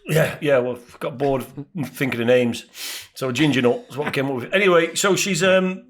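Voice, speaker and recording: A man's voice: mid-range voice, normal speed. A middle-aged man co-hosting a podcast in casual chat, telling stories with lots of animation and acting out the voices of other people and animals. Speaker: podcast co-host.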